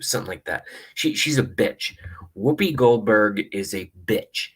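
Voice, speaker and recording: A man's voice: on the low side, animated, normal speed, a bit bright, slightly rough. A man vlogging, telling a rambling story in a blunt, casual way with lots of fillers. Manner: rambling, blunt, swears often, many fillers. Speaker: vlogger reacting to videos.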